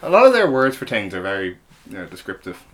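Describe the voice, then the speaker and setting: A man's voice: fairly low pitch, huge pitch swings, fast, a bit bright. A man co-hosting a podcast, chatting casually and spinning out silly, rambling comparisons. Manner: jokey, rambling, builds absurd comparisons. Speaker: podcast co-host. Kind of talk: casual comedic chat.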